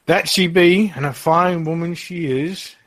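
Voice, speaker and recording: A man voicing a rude, boisterous male innkeeper who yells and swears. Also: on the high side, a little slow, pitched above the performer's own voice. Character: loud crude male innkeeper, gruff and rude.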